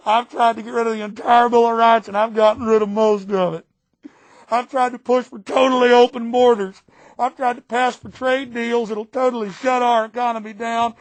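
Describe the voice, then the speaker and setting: A man's voice: very high-pitched, dry recording. A man voicing a smug, boastful mock Texan politician in a put-on Texan drawl, mocking and cackling. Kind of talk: political satire impression.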